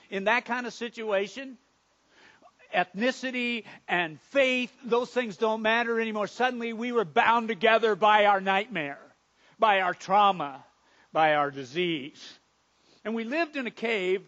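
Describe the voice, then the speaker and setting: A man playing a Samaritan leper in a first-person biblical monologue, earnest and dramatic, stammering over his words and swinging between hushed and loud. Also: high-pitched, dull audio.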